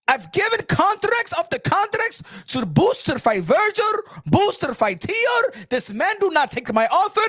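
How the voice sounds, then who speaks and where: A man's voice: extremely high pitch, dry recording, clean studio sound, heavily acted. A man putting on a bossy scheming fight promoter. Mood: indignant. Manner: demanding, repeats questions, bursts into shouts.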